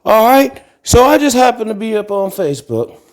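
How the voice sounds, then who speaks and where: A middle-aged man from Ohio rants as a podcast host, blunt and full of profanity. His voice sits slightly high for a man and swings widely in pitch as he gets worked up. He talks while walking around his carpeted apartment. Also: normal speed. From Akron, Ohio. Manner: animated ranting, profane and blunt. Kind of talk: casual monologue vlog. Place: carpeted apartment living room, walking into tiled kitchen.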